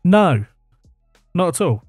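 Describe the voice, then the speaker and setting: A man's voice: high-pitched, very animated, takes it slowly, a little mellow, no room sound, clean studio sound, faint music behind. A man co-hosting a podcast in casual, joking chat, swearing freely and holding his mic in hand. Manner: swearing, joking, laid-back. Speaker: podcast co-host. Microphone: handheld mic.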